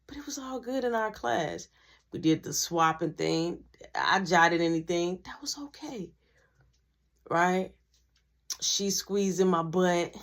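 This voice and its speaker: A woman telling a school story in a slangy, animated storytime style, acting out the dialogue. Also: on the low side, measured pace. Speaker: vlogger. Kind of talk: storytime narration.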